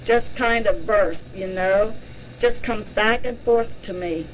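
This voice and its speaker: Brief: woman reading a shaken hypnosis subject, halting, lo-fi sound. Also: mid-range voice, a little hiss or hum, natural voice. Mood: dazed. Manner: halting, dazed first-person recall. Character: shaken woman recalling a glowing eye under hypnosis.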